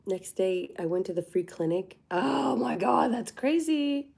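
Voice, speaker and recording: A woman's voice: fairly high pitch, lively intonation, unhurried, gravelly, a little mellow, husky. A woman hosting a casual livestream, chatting candidly and laughing often. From United States. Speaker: livestream host.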